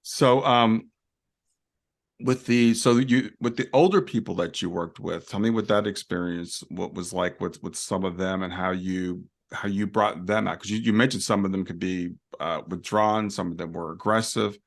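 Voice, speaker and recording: A man hosts an interview, asking slow, thoughtful questions that trail and restart. His low voice has a gravelly, creaky texture. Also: fairly even intonation. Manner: thoughtful, hesitant questions with many affirmations. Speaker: podcast host, interviewer. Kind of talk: casual interview conversation.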